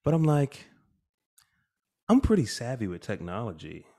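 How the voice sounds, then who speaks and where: A man in casual podcast chat, animated and laughing often, acting out what his kids said. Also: medium pitch, moderate pace. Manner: animated storyteller, acts out quotes, laughs often.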